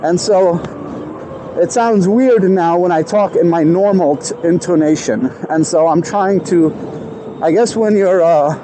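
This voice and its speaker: A man vlogging casually outdoors on a city street with a clip-on mic, deliberately trying to enunciate every word. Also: high-pitched, background noise. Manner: self-aware, trying hard to enunciate. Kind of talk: casual self-talk vlog.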